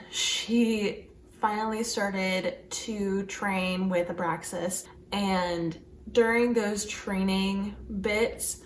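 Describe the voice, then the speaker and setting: A woman's voice: medium pitch, reverberant, a little hiss or hum. A woman vlogging casually about a book she is reading, chatty and gushing, often saying "like". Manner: gushing and chatty, frequent "like" fillers. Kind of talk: casual reading vlog chat.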